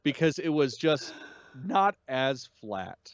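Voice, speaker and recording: A man co-hosting a casual review chat, relaxed and swearing, hedging his points and laughing along. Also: mid-range voice, slow, no room sound, highs cut off. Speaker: podcast co-host.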